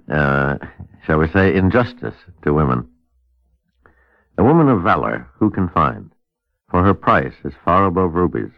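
A man hosting a radio discussion, reading a scripture passage in a measured, old-fashioned cadence on a dull old radio recording. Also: low voice, dry recording.

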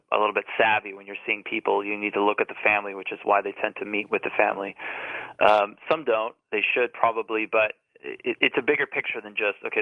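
A man's voice: lowish voice, creaky, no echo. A man in Italy, a guest on a radio show, explaining things earnestly over the phone. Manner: earnest, explanatory, fast-paced. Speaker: author guest on a phone line. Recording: tinny phone line on radio.

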